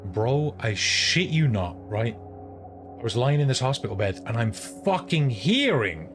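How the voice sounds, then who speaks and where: While streaming a game, a man with a medium-pitched voice tells a long, rambling story, swearing freely in casual chat. He talks a little slowly, and steady background noise runs throughout.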